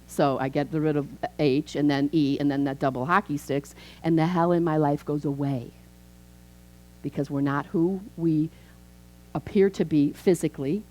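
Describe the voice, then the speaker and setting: A woman in her fifties, a minister, preaching a chatty, animated sermon in a church. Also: deep voice, rough recording. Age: 50s. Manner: animated, chatty, acts out quoted voices. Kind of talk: conversational sermon.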